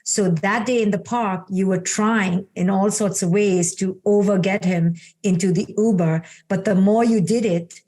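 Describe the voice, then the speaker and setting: A middle-aged woman psychologist guiding a parent through a coaching exercise, calm and affirming, often answering with "beautiful". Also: mid-range voice. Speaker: clinical psychologist and guest.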